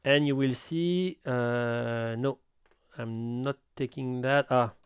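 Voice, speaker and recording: Middle-aged French-accented male tutor, slow and stop-start, smooth clear tone. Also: medium pitch, fairly even intonation, no room sound, studio quality. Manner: halting, self-correcting non-native English. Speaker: audio gear reviewer. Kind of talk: hands-on equipment tutorial.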